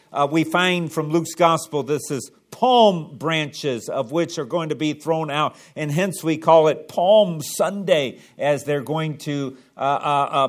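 A man with a slightly high voice preaches from the pulpit of a church. He builds to emphatic peaks, stumbling over repeated words and filling gaps with "uh" along the way. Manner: preaching with rising emphasis and frequent "uh" pauses. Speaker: pastor. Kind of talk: sermon. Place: church sanctuary.

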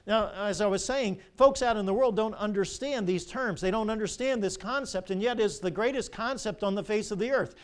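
Older man, pastor, high voice, sermon, animated storytelling, rhetorical questions. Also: a little fast, hardly any pauses.

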